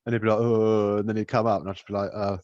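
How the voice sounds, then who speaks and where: A man's voice: fairly low pitch, level tone, rapid-fire, darkish tone, dry recording. Laid-back sweary man, dull mic. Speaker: podcast co-host. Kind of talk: casual chat.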